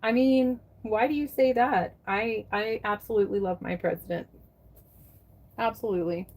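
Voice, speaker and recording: A woman's voice: on the high side, normal speed, darkish tone. Chatty American woman livestreaming. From United States. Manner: chatty, reads out viewer names, swears casually. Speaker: live streamer chatting with viewers. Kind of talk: casual livestream chat.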